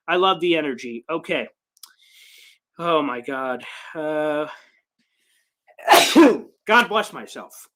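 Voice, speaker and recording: A young man hosting a sports fan livestream, reading chat comments with hyped, shouty excitement. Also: high voice. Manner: hyped, shouting bursts of celebration.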